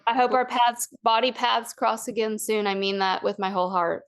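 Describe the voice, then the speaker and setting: A woman's voice: fairly high pitch, little pitch movement, moderate pace. Effusive woman podcast host. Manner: effusive, warm-hearted, giggly. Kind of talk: casual chat.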